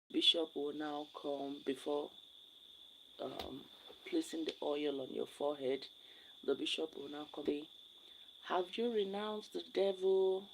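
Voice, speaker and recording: Nigerian lady live streaming, low gravelly voice, rambles and repeats herself, crickets faint behind. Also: a bit bright, slight background noise, poor audio. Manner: rambling, repeats her words. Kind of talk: casual chat with viewers.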